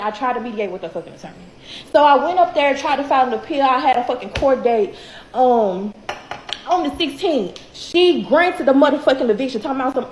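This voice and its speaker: A woman's voice: high-pitched, animated, brisk. A woman in her twenties ranting angrily about her eviction, swearing and repeating herself for emphasis. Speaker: tenant telling her eviction story. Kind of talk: angry profane rant. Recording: echoey room with faint noise.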